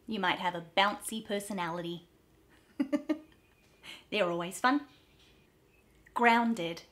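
A young woman with an Australian accent leads a pronunciation lesson, speaking slowly and drawing out each sound as she demonstrates it. Her voice is bright and forward, with a patient, measured pace. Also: mid-range voice. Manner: slow, drawn-out demonstration of sounds. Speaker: accent coach.

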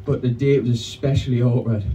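A male stand-up comedian, telling a story on a club stage with a punchy, animated delivery. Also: medium pitch, fast, slight background noise. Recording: distant live club sound with audience.

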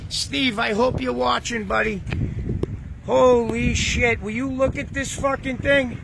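A man with a very high voice gets excited about a catch, pouring out curse words and repeated cries of disbelief as he talks at a slow pace. He records on a handheld phone, with clear engine and water noise around him out on a boat. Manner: excited, swearing constantly, repeated exclamations. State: shaky with excitement. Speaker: fisherman filming his catch. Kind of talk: excited vlog commentary.

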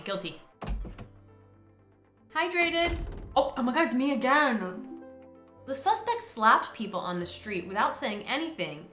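Woman, gaming commentary, bright voice, roomy echo, faint music. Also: mid-range voice. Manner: theatrical, quick swings into loud exclamations. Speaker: streamer playing a courtroom judge game.

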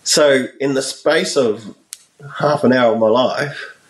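A man in his forties, a guest musician telling stories in a casual interview, animated and acting out the people in his anecdotes. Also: mid-range voice, slow pace. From Australia. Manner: animated storyteller, acts out voices in his anecdotes. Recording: roomy echo, a little far from the mic.

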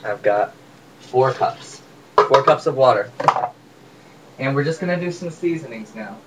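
Joking and chatty with his audience, a man demonstrates a recipe at home as a cooking vlogger. He has a medium-pitched voice with lively intonation and a moderate pace, recorded from a distant mic that catches faint room noise.

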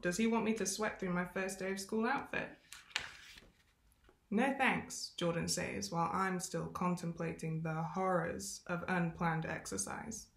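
A woman's voice: lowish voice, vocal fry. A woman reading a novel aloud expressively, with self-aware asides. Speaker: reader. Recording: roomy echo.

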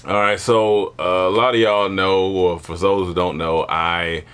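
A man telling a comedic childhood story in casual chat, animated and laughing often, acting out voices. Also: sits low, a little slow, clean tone, soft background music. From born in Germany, grew up partly in Panama.

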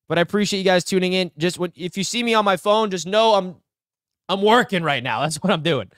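Young guy streaming live, kinda high voice, super hyped, rambling to chat, dry sound. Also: lively intonation, normal speed, fairly bright tone, no room sound. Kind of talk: excited live-stream sports reaction.

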